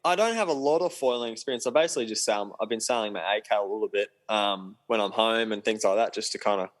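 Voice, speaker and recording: A man's voice: lowish voice, fast talker, rough recording. A young man chatting casually as a podcast guest, laid-back and rambling with lots of ums. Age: young adult. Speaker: guest, professional sailor.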